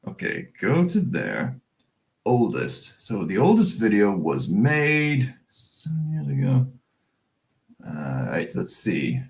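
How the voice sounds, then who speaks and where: A man's voice: medium pitch, huge pitch swings, slow, vocal fry. A Scottish man hosting a livestream, chatting casually in a jokey, rambling way. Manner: jokey, giggly, rambling with fillers. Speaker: streamer host.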